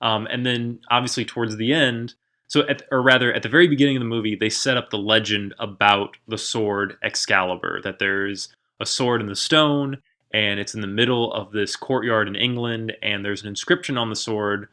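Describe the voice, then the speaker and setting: Podcast co-host, male, bright and forceful tone, enthusiastic and rambling. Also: on the low side, steady tone, moderate pace. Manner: enthusiastic, rambling with many fillers. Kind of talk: casual podcast chat.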